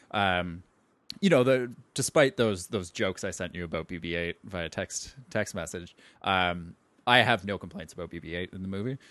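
Low voiced dude on a movie podcast, lots of um and you know, kinda hesitant. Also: male voice, fairly bright tone, no room sound. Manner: hesitant, many fillers and restarts. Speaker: podcast co-host. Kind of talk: casual film discussion.

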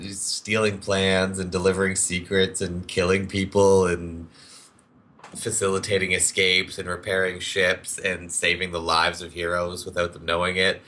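Deep, bright-voiced man chatting about films. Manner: enthusiastic, rambling with fillers. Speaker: podcast co-host. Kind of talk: casual film discussion.

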